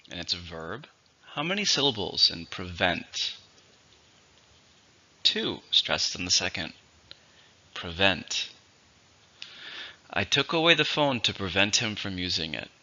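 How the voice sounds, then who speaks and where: A very deep-voiced man gives an English vocabulary lesson, spelling out syllables and stress with slow, careful dictation. His tone is sharp and bright despite the low pitch. The recording sounds dull and lo-fi. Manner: slow, clear, patient dictation. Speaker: English teacher.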